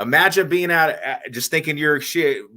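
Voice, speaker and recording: A man hosting a podcast, telling stories in animated, slangy casual chat and laughing as he goes. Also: a little high, normal speed. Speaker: podcast host.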